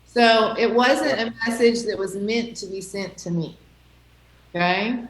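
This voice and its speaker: A woman's voice: mid-range voice, measured pace, reverberant, poor audio. A woman teacher talking to her class, reassuring and checking in with "okay?" and "right?" as she goes. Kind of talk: classroom talk.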